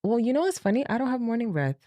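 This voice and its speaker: Una mujer joven, copresentadora de podcast, habla con franqueza en tono de charla, riendo y frenando para recalcar. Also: female voice, fairly high pitch, very animated, mellow, no echo, highs cut off. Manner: candid, laughing, slows down to stress points. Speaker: podcast co-host. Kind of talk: casual chat.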